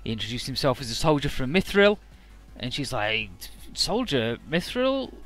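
A man talking through a video game playthrough in a loose, rambling way, full of fillers and casual swearing. His voice sits at an ordinary, mid pitch. Game music hums faintly underneath. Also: very animated, fairly quick, fairly bright tone. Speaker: let's play commentator.

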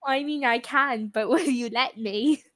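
Playful high-voiced young woman. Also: measured pace, a bit bright. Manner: teasing, playful, laid-back. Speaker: quiz game player. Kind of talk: casual chat with a friend.

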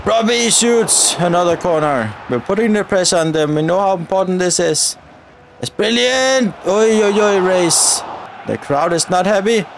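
A man giving excitable live commentary on his football video game, often shouting at his players and the referee. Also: high-pitched, normal speed, noisy background. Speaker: gaming YouTuber.

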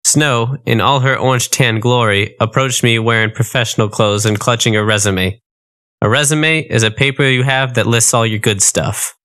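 A man's voice: mid-range voice, fairly even intonation, normal speed, pushed and bright. A man narrating a comic storybook in a wry, matter-of-fact way.

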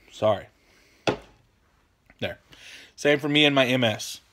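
A relaxed man with a drawl hosts a casual question-and-answer vlog. He rambles and trails off, keeps saying "man," and apologizes a lot. His voice sits in an ordinary middle register. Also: medium pitch, slow pace. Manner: laid-back, rambling, apologetic, peppers talk with "man". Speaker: channel host answering viewer questions.

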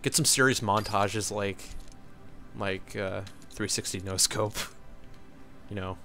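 A man's voice: fairly low pitch, fairly even intonation, takes it slowly, pushed and bright, soft background music. A young man giving casual, rambling let's-play commentary, joking and laughing as he plays. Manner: rambling, jokey, laughs often.

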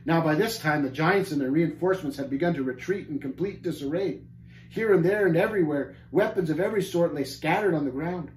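A man's voice: fairly high pitch, brisk, slight background noise. Man reading a storybook aloud. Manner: lively dramatic narration. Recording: roomy church hall.

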